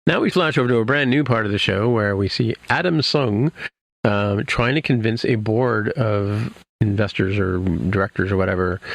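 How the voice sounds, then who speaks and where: A man's voice: fairly low pitch, moderate pace, creaky, no echo. A man hosting a podcast, recapping a TV episode in casual chat, rambling with many fillers and restarts. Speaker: podcast host.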